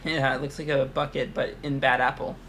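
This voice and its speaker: A young man playing a game with a friend, easygoing and quick to laugh, chatting casually. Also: medium pitch, little pitch movement, crowd noise. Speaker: game player. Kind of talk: casual let's-play chat.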